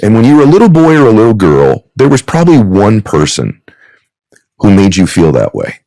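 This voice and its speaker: A man's voice: fairly low pitch, big pitch swings, brisk, mellow, no echo. A man in his fifties, a podcast guest, telling heartfelt stories in an earnest, emotional, sermon-like way. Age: 50s. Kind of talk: heartfelt storytelling.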